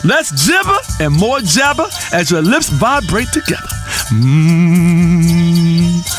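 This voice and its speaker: A shrill, manic radio health guru. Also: male voice, huge pitch swings, normal speed, music in the background, full character voice. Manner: theatrical, ranting, swings between crooning and shouting. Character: flamboyant erratic male radio health guru. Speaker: radio talk show host. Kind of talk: comedic radio show acting.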